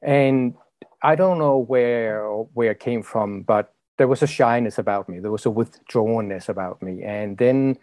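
A man from Europe who works as a life coach, talking in a hesitant, halting way as a podcast guest. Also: mid-range voice, a little mellow, no room sound. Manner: hesitant, halting, repeats words. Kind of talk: casual interview chat.

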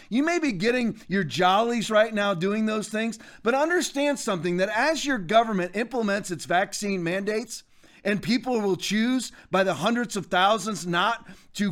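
Man in his fifties, show host, fairly high voice, forceful ranting commentary. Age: 50s. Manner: emphatic, ranting, addresses listeners directly. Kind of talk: political commentary monologue.

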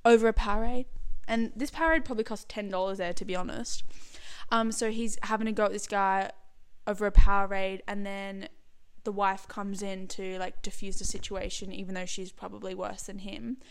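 A young woman, a podcast guest, telling animated stories in casual chat and swearing freely. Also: mid-range voice, a little fast, clean tone.

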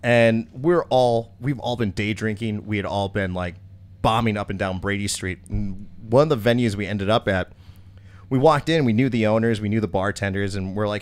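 A young man hosting a podcast tells a long story casually, with a lot of swearing, and animatedly acts out the quotes. His voice is on the low side and a little fast.

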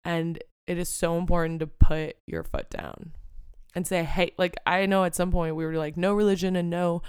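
A woman's voice: on the low side, animated, normal speed, clear, resonant tone, no echo, studio quality. A young adult woman hosting a podcast, talking on her own in a candid, swearing, casual way, with lots of "like" and "you know.". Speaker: podcast host. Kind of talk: casual solo podcast monologue.

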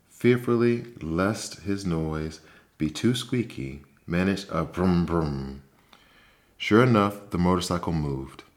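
A man calmly reading a bedtime story aloud as the host of a sleep podcast. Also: sits low.

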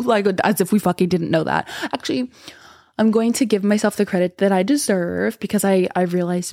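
A woman's voice: on the low side, darkish tone, dry recording, studio quality. A young woman hosting a podcast in casual chat, talking bluntly, with lots of swearing and rambling asides. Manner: blunt, profane, rambling and candid. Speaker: podcast host.

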